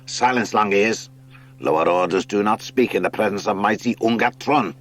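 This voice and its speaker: A man's voice: lowish voice, normal speed, fairly bright tone, lightly acted. A man voicing a harsh, curt guard captain in a storybook reading. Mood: stern. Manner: curt and stern.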